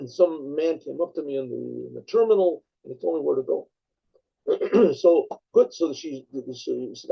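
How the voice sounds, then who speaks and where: A man, a rabbi, telling a story in a rambling way, with frequent restarts and throat-clearing. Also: fairly high pitch, lively intonation, unhurried. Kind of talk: storytelling talk. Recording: dull lo-fi recording.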